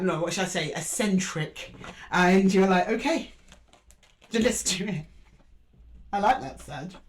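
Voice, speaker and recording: Chatty woman musing through a tarot reading. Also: medium pitch. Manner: chatty, musing aloud, addresses listeners fondly. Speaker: tarot reader. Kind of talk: intuitive tarot reading to camera.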